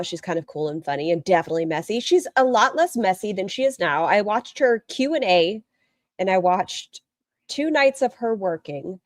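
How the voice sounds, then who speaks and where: A woman's voice: mid-range voice, no room sound, studio quality. A woman streamer giving casual, rambling reaction commentary and talking straight to her chat. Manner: chatty, rambling, talks to chat directly.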